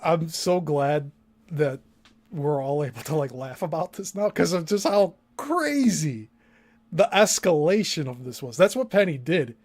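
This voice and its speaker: A woman commenting slowly and deliberately on a story in casual chat. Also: low-pitched, lively intonation, a little mellow. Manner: slow, deliberate, emphatic commentary. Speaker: co-host.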